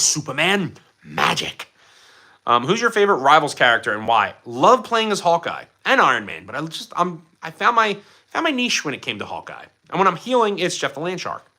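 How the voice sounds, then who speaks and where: Man, from Philadelphia, livestream host, casual chat, very bright voice, animated pitch. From Philadelphia, USA. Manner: chatty, enthusiastic, jumps between topics. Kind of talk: casual live chat answering viewers.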